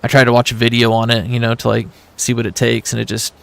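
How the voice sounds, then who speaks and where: As he plays a game on stream, a man with a son tells his audience a long, wandering story in easygoing chat. He speaks quickly in a creaky, monotone voice of medium pitch.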